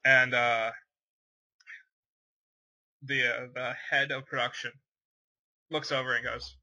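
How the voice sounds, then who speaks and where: A man's voice: medium pitch, level tone, measured pace, pauses often, sharp tone, slightly rough, low-quality recording. A man co-hosting a casual podcast, rambling through his day and repeating words as he goes. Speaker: podcast co-host. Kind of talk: casual chat.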